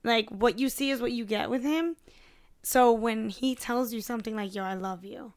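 A woman chatting casually with friends, relaxed and laughing easily. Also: fairly high pitch, moderate pace. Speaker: friend in conversation. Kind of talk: casual chat.

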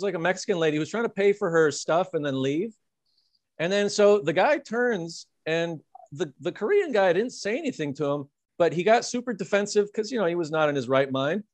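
A man with a fairly high voice tells a story in a casual podcast chat. He rambles, stacking "like" and "uh" as he goes. The sound is dry and close to the mic. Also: no room sound. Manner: rambling, filler-heavy anecdote telling with frequent "like" and "uh". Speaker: podcast co-host.

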